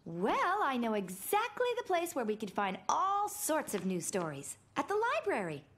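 A gentle, patient cartoon mom. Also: female voice, high voice, moderate pace, exaggerated voice. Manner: gentle, coaxing, very lively intonation. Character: patient young cartoon mother, gentle and kind.

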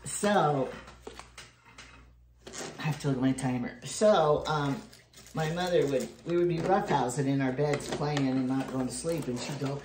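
Baking as she talks, this older home cook vlogger rambles through family stories in a casual chat, chuckling a lot. She speaks in a very deep voice, a little slowly, pausing often. There's faint noise and an echo in the room.

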